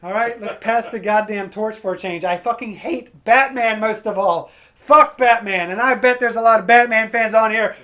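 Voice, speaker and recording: A man doing a stand-up comedy set, crude and energetic, breaking into acted-out voices for his punchlines. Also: sits high, moderate pace. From Pacific Northwest of the USA. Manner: crude, energetic joke delivery with acted-out quotes.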